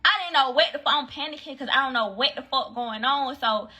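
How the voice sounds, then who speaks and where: A young woman telling a casual story on a phone livestream, acting out the voices of the people in it. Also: fairly quick. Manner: animated storyteller, acts out voices, swings high for quoted friends.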